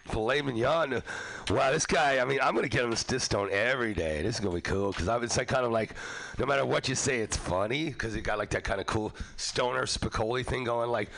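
Fast, gravelly male radio host. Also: medium pitch, fairly bright tone. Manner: rambling, jokey, puts on silly voices in quotes. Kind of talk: crude comedic banter.

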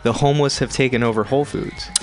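A man's voice: mid-range voice, steady tone, fast, soft background music. Man chatting on a radio show. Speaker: radio co-host. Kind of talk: casual chat.

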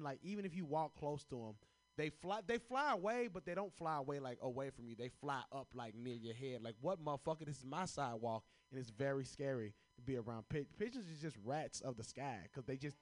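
A man's voice: mid-range voice, lively intonation, a little fast. A young man from Chicago doing stand-up comedy, telling profane stories and laughing at his own jokes as he answers prompts pulled from a hat.

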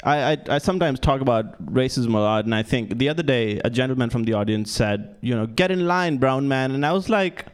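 A young man working a comedy club stage into a handheld mic, mid-pitched and self-deprecating. He stumbles through restarts as he builds each joke. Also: expressive, fast, hardly any pauses. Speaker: stand-up comedian. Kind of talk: stand-up comedy set.

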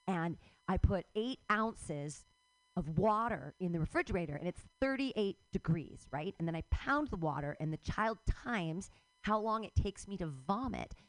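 A middle-aged woman doing a rambling stand-up comedy set at a live show, breaking into loud outbursts and laughing at her own jokes. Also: lowish voice, no echo.

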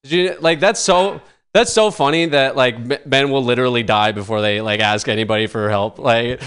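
Brief: male comic, clear smooth voice, meandering and self-mocking delivery. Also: medium pitch, normal speed, a bit bright. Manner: rambling, self-mocking, full of likes and chuckles. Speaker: stand-up comedian. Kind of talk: stand-up set.

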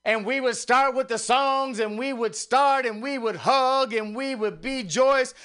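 High, bright-voiced man preaching breathlessly. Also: a little slow, smooth. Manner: swings from hushed murmurs to rising revival-preacher exclamations. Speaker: radio host. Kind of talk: impassioned preacher-style monologue.

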